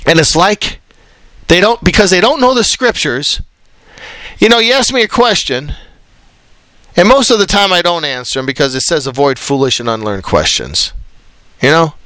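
A male preacher with a bright, lively voice that swings widely up and down as he scolds. He sounds exasperated, reading scripture aloud and lecturing into a close, dry mic. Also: on the high side, normal speed, pauses often, no room sound. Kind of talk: combative Bible study sermon.

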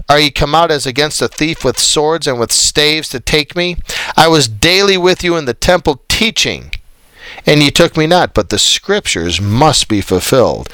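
A man's voice: fairly high pitch, a bit bright, no room sound. A man leading a Bible study as a preacher, scolding his listeners and reading scripture aloud in an exasperated tone. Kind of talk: combative Bible study sermon.

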